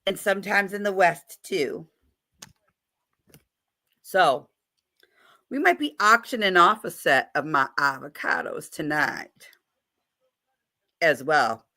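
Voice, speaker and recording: A woman's voice: on the low side, lively intonation, slow pace, pauses often, sharp tone. A woman hosting a live stream in a chatty, playful way, greeting viewers by name. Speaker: livestream host. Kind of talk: casual live-stream chat.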